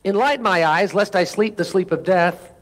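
A high-voiced man preaches from the pulpit, asking the congregation for amens between lines. He reads scripture with climbing intensity. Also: normal speed, a bit bright. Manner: preaching with call-and-response asides. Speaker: pastor. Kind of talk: sermon.

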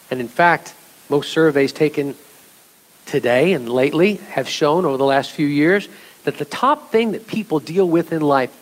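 Pastor guy giving a sermon, kinda high voice, lively, talks straight to the church. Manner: animated, acts out voices of scripture figures; addresses congregation directly as church.

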